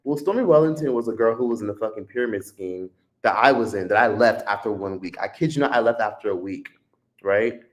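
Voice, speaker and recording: A man hosting a live stream, telling a profane, animated story in a casual rant. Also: fairly low pitch, a little fast. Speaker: streamer host. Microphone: streaming mic.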